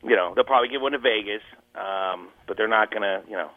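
Call-in fan, male, lowish voice, halting and full of fillers, tinny phone line. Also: crowd noise. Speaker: caller. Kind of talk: casual call-in chat.

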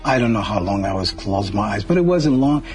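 A man telling a lively anecdote, acting out the quotes in the story. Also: fairly low pitch, a little fast. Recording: distant mic with faint music.

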